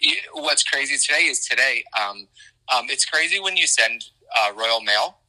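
A man from Canada, an author of children's books, chatting casually and excitedly, full of fillers and restarts. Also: mid-range voice, moderate pace, poor audio. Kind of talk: casual conversation.

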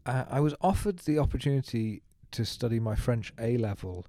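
A man's voice: medium pitch, expressive, normal speed, mellow, dry recording. A man co-hosting a podcast, chatting casually with dry, jokey humour. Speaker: podcast co-host. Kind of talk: casual chat.

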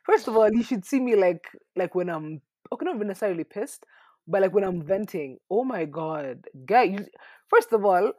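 A young woman rattles through stories in a husky, slightly breathy voice, her pitch bouncing all over as she chats. The sound is close and dry, with no room around it. She co-hosts a casual podcast and talks fast and animated. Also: no echo. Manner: fast talker, animated storytelling. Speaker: podcast co-host. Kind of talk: casual chat.

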